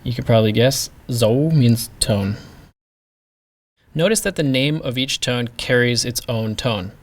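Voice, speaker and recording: Slow, careful male language teacher. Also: mid-range voice. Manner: slow, careful demonstrations of sounds. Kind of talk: pronunciation lesson.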